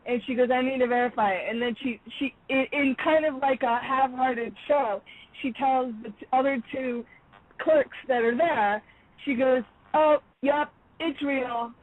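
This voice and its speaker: A woman caller telling a story in a casual, animated way, acting out the dialogue and laughing often. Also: high-pitched, normal speed, no echo. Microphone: phone. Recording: tinny phone line.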